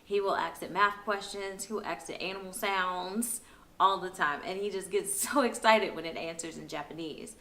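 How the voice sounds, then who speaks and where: A woman's voice: mid-range voice, normal speed, sharp tone. Upbeat woman vlogger in a roomy space. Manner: upbeat, chatty, laughs often. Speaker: parenting vlogger giving tips. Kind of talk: casual instructional vlog. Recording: roomy echo.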